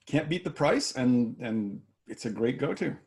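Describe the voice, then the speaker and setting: A man's voice: mid-range voice, lively intonation, a little slow, a little mellow. Easygoing man hosting a tasting. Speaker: host. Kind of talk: casual chat.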